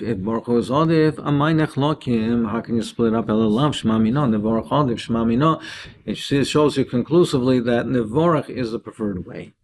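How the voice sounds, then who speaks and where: A man's voice: mid-range voice, a little mellow, slight background noise. A man teaching a daily Talmud lesson, explaining each Aramaic phrase and translating it.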